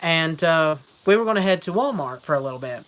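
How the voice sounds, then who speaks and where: A young man talking straight to his viewers in a loose, rambling vlog, stacking one anecdote onto the next and laughing at his own jokes. His voice is bright and forward, and he keeps breaking into loud, mocking voices before dropping back to plain chat. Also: on the high side, animated, fairly quick, rough recording. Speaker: vlogger. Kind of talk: casual storytelling vlog.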